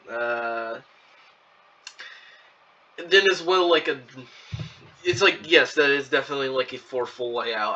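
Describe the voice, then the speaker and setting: A man's voice: mid-range voice, pushed and bright. A young man giving casual reaction commentary on a video, hesitant and full of fillers and restarts. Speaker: channel host commenting on a video. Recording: lo-fi, distant from the mic.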